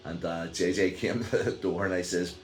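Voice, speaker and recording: A man's voice: low voice, moderate pace. A middle-aged man with a Northern Irish accent, telling a story casually to camera with lots of fillers and restarts. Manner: rambling, many fillers and restarts, chuckles while telling. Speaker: vlogger. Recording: echoey room.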